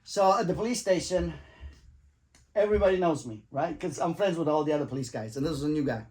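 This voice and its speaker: A man's voice: on the high side, fast, long pauses. A man casually telling a funny story, swearing freely, acting out what people said and breaking into laughter. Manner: animated, swears freely, acts out quotes with laughs.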